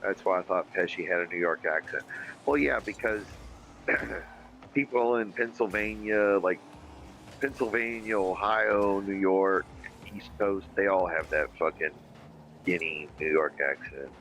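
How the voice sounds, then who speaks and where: Deep-voiced man, rambling and profane. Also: measured pace, a bit bright, a little hiss or hum, low-quality recording. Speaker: livestream podcast host. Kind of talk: casual chat reading viewer comments.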